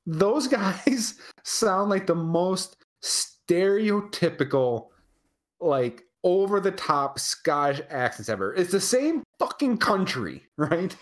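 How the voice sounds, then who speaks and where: A podcast co-host chats casually and live over a remote call mic, rambling, animated, and swearing freely. The voice is medium in pitch and slow.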